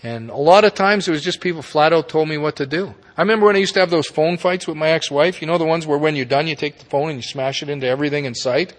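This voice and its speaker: In the long reverb of a meeting hall, this middle-aged recovery-meeting speaker talks quickly and hardly ever pauses, his voice pitched a little high. He shares his personal recovery frankly and profanely, tossing in folksy tag questions.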